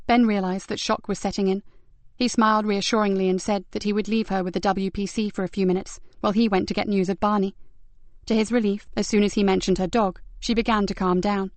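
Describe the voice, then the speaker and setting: Measured woman narrating a crime audiobook. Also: medium pitch, steady tone, no echo. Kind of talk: scripted narration.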